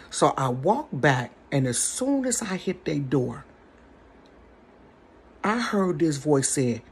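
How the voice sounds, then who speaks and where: A woman's voice: low-pitched, slightly rough. Chatty woman doing storytime from her bedroom, talks right to the viewers, voice goes up n down a lot. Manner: animated, chatty, addresses the audience directly. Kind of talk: casual storytime.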